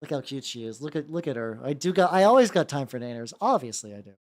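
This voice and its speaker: A woman chatting casually on a live stream while painting miniatures, excitable and swearing freely, often repeating her words. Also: a bass voice, fast talker.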